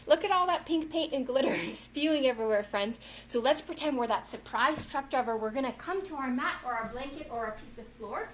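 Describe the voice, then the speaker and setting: She speaks in a high voice with lively intonation and a slightly fast pace, reading from a storybook while coaching children through yoga poses at home. As a kids' yoga instructor, she's upbeat and encouraging and calls them "friends." The sound is roomy from a distant mic, with faint ambience and a bit of hiss or hum.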